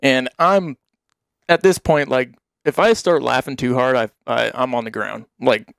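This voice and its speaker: A man's voice: medium pitch, steady tone, a little slow, creaky, a bit bright, no echo. A man in easy, loose conversation, rambling through a story and breaking into laughter as he acts out the voices of his friends. His voice sits in an ordinary middle register, and the recording is dry and close, with no room sound. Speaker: podcast guest telling hunting stories. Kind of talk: casual storytelling chat.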